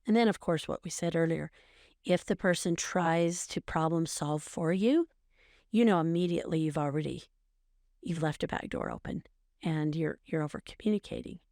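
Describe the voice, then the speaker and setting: A middle-aged woman with a fairly low voice talks through advice in an earnest, coaching way, often repeating phrases to drive a point home. She sounds close and dry, with no room around her. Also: lively intonation, normal speed, gravelly, darkish tone, dry recording. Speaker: podcast co-host, mother. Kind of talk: casual advice chat.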